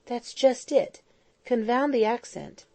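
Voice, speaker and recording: A woman voicing an excitable, absent-minded male French geographer who grows indignant. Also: on the high side, takes it slowly, voice pushed up. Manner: shouting, indignant.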